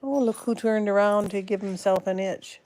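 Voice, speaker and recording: Hosting a casual live stream from her home, a woman chats with viewers in a medium-pitched, darkish voice at normal speed with fairly even intonation. She rambles, cuts herself off mid-word, and turns aside to talk to her pets.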